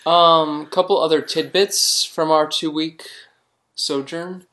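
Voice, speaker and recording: A man's voice: a little high, steady tone, takes it slowly, a bit bright. Laid-back guy on a podcast, dry and wry, just chatting. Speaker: podcast co-host. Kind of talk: casual chat.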